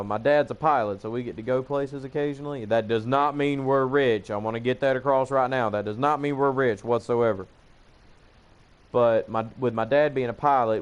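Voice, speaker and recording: A man's voice: medium pitch, clean tone. Profane, rambling Southern young man. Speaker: gaming channel host. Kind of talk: casual storytelling over gameplay.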